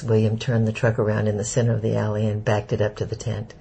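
A man narrating an audiobook in a steady, measured way. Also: on the low side, creaky, slight background noise, poor audio.

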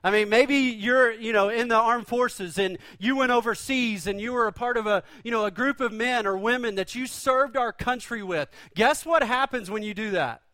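A man's voice: very high voice, moderate pace, few pauses, bright, forceful tone, dry recording. A male pastor preaching a sermon in a conversational, joking storytelling manner.

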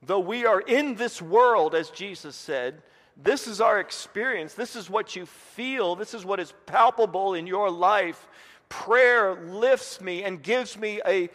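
A man's voice: high voice, fairly bright tone, long reverb tail. A man from Indiana preaching a sermon as pastor, earnest and repeating words as he builds each point.

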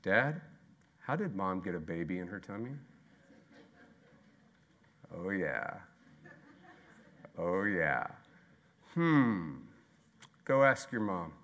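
A man in his thirties preaching a sermon as pastor, moving from loud, emphatic repeated lines to quiet, slow asides. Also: low-pitched, big pitch swings, slight background noise.

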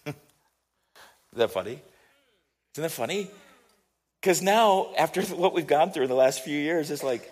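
An American man telling a story in a sermon, chatty and animated, often asking his listeners questions. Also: fairly high pitch, a little slow, long pauses. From United States.

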